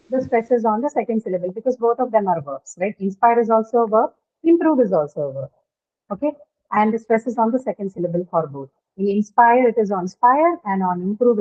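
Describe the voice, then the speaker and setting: A woman teaching phonetics in an online class, explaining step by step and quizzing her students. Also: on the high side. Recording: tinny phone-like call audio.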